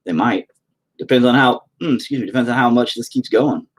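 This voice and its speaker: A young American man hosts a painting livestream, rambling and cracking crude jokes while he paints and reads the chat aloud. His voice is mid-range and a little fast.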